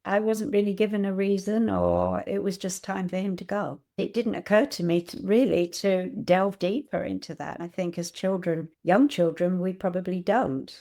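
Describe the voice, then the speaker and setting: Gentle low-voiced older woman, gravelly and mellow. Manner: gentle, reflective storytelling. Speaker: guest. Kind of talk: casual conversation.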